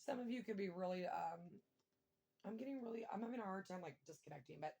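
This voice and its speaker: A woman giving a casual tarot reading, thinking aloud and breaking into excited exclamations and mild swearing. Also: medium pitch, a little fast, gravelly, pauses often. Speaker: tarot reader.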